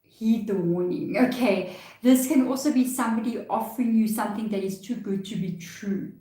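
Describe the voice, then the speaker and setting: A woman's voice: mid-range voice, moderate pace, dark tone. South African woman in an echoey room. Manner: chatty, reassuring, laughs often. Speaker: tarot reader. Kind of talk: live tarot reading. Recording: echoey room, mic far off.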